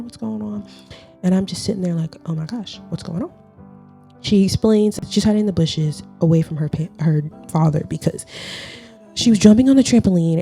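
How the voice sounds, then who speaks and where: A woman's voice: lowish voice, gravelly. A young woman hosting a podcast, telling a personal story in casual, slangy chat and acting out the quotes. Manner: animated, slangy, acts out quotes. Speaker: podcast host.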